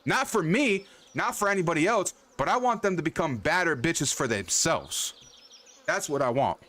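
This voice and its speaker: Young guy streamer, kinda high voice, rambles and swears a lot, greets chat by name. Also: lively intonation, moderate pace, fairly bright tone. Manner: loose, rambling, swears freely, repeats himself; addresses viewers by name. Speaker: livestream host. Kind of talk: casual chat with live chat.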